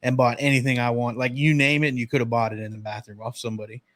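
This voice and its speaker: A man in his thirties from the northern United States, telling relaxed childhood stories in a casual podcast talk. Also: mid-range voice. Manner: relaxed storytelling, drawn-out memories. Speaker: podcast host.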